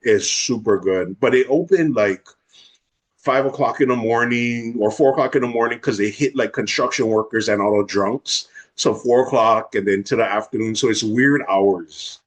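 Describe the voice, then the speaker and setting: A young man from Hawaii, telling a wild personal story in a fast, unfiltered way as a podcast guest. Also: medium pitch. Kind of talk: casual storytelling.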